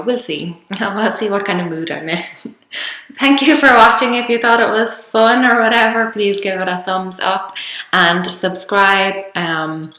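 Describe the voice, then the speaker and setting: A woman in her thirties from Ireland, with a Kildare country accent mixed with Dublin, doing a chatty vlog at home. She laughs often and fills pauses with lots of ums. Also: lowish voice, sharp tone, reverberant, rough recording. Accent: Irish, Kildare country mixed with Dublin. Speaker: vlogger. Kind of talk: casual accent-tag video.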